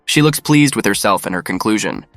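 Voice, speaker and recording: A man reading a scripted story recap in an even, matter-of-fact way. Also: on the low side, a little fast, no echo, faint music behind. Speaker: narrator. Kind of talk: scripted narration.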